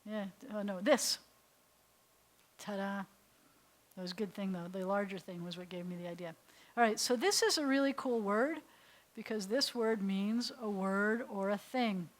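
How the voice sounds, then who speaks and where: A woman's voice: mid-range voice, moderate pace. A woman rabbi giving a casual beginner language lesson, playful and chatty, with jokey explanations, and talking aloud to her computer as she works. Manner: talks aloud to her computer while working. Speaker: rabbi teaching Hebrew.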